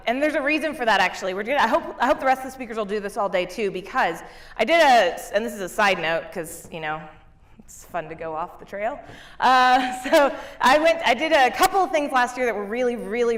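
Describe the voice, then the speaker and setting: Woman business coach doing a pumped-up keynote, kinda high voice, laughs a lot, talks right at the crowd. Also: fairly bright tone. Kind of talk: motivational keynote talk. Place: conference stage.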